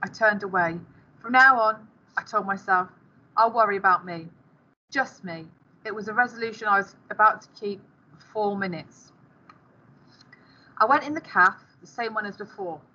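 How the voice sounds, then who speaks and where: A woman's voice: medium pitch, moderate pace, long pauses, pushed and bright, muffled recording. A woman teacher reading a novel aloud to her class and stopping now and then to speak to the pupils.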